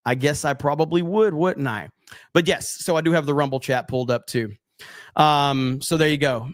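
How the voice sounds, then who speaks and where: A man's voice: a little high, moderate pace, no echo, studio quality. A man commenting casually and bluntly on a live stream, cursing freely and reading viewer comments aloud. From USA.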